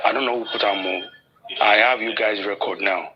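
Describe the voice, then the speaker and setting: A man's voice: fairly low pitch, steady tone, fairly quick, crowd noise. A man with a Nigerian accent in a casual livestream chat, teasing and mock-fearful, often repeating himself. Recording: dull lo-fi line with faint noise.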